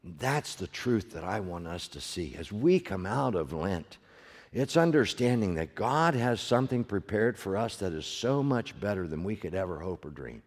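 An older man preaching a sermon, firing rhetorical questions at the congregation and swinging between loud and hushed delivery. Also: low-pitched, big pitch swings, normal speed. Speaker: pastor. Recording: long hall reverb.

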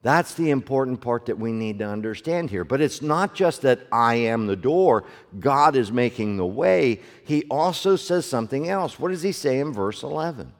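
An older man preaching a sermon, firing rhetorical questions at the congregation and swinging between loud and hushed delivery. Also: mid-range voice, lively intonation, moderate pace, hardly any pauses. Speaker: pastor. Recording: long hall reverb.

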